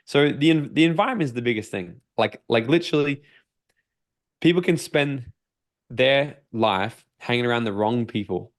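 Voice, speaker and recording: As a podcast guest, an Australian-accented personal development coach talks energetically and swears freely while acting out his own inner voice. He has a mid-range voice and keeps a moderate pace.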